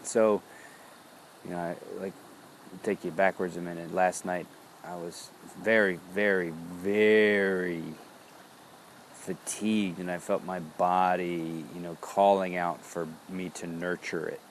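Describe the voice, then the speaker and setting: A man reflecting aloud in a body-awareness check-in, speaking slowly and introspectively, often pausing to search for words. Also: deep voice, little pitch movement, slight background noise. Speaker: founder of a wellness business.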